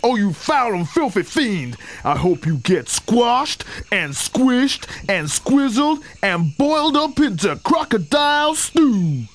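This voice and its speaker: A man voicing a big, indignant male elephant who scolds loudly, with a slightly breathy voice. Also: very animated, slow, full character voice. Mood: outraged. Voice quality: big, deep voice. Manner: outraged, scolding, shouting.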